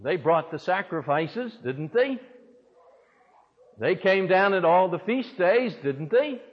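A man's voice: sits high, sing-song, slow. A man preaching a sermon dramatically, firing off rhetorical questions, in a dull, echoey church recording. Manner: dramatic, with rhetorical questions and big swings in loudness. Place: large church hall.

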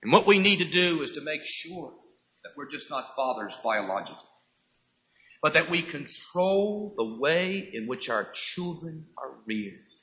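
A man preaching a sermon, emphatic and repeating key phrases, now and then acting out quoted voices with loud outbursts. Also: on the high side, big pitch swings, a little slow, poor audio.

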